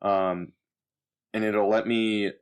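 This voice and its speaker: A man with a deep, low voice plays a tabletop game. He explains his character's action in a rambling, hesitant way, stumbling over restarts and piling on fillers. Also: fairly even intonation, takes it slowly, clean tone. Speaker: player. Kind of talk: casual tabletop game play.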